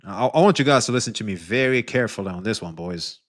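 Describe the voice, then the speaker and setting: A man's voice: lowish voice, expressive, fast. A man streaming live and reacting to a video, talking straight to his chat in a loose, profane way full of restarts. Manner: addresses chat directly, frequent restarts and swearing. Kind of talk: livestream reaction commentary.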